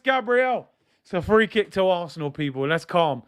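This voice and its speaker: A young man giving excitable, slang-heavy live commentary as he watches a football match, now and then bursting into shouts. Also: high voice, moderate pace, clean tone. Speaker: football fan streamer.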